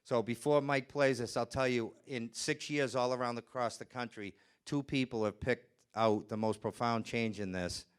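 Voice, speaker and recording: A man lecturing on nonverbal communication at a medium pitch, with a smooth, clear voice. His delivery is animated, and he slips into quoted voices to make his points. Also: normal speed, few pauses. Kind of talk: lecture presentation. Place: presentation room with slides.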